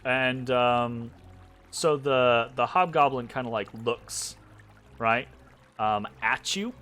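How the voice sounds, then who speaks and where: A man's voice: medium pitch, slow pace, fairly bright tone. A man narrating as game master in a tabletop game, loose and casual, checking in with his players often. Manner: loose, filler-heavy, checks in with "right?". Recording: faint background music.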